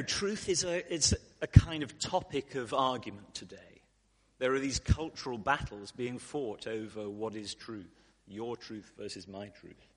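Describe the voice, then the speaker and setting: Conversational preacher in a reverberant hall. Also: male voice, medium pitch, a little mellow. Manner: conversational, with fillers and asides to the congregation. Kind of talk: sermon. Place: church hall.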